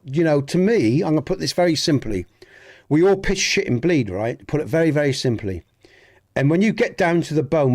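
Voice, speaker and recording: A man's voice: on the high side, darkish tone. A middle-aged man with a Dorset accent, chatting casually and earnestly on a gaming live stream, often restarting his sentences and greeting viewers in the chat. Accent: Dorset English. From southwest England. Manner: rambling and earnest, many restarts, speaks to chat by name.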